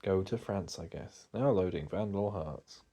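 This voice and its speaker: A man's voice: deep voice, measured pace, husky. A man casually commenting while he plays through an old video game and reads its dialogue aloud. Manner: relaxed, rambling asides. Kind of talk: casual let's-play commentary.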